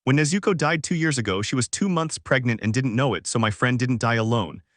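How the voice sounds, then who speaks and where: A man doing a blunt young swordsman, pitched up high. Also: brisk, dry recording, clean studio sound, natural voice. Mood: urgent. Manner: pitched well above his own voice.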